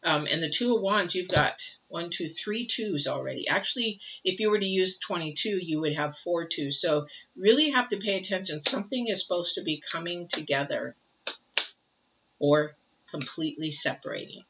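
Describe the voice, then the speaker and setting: An older woman gives a casual tarot reading in a lowish, animated, fairly bright voice at normal speed. She's chatty and repetitive, often asking rhetorical questions, and the dull lo-fi recording has slight background noise.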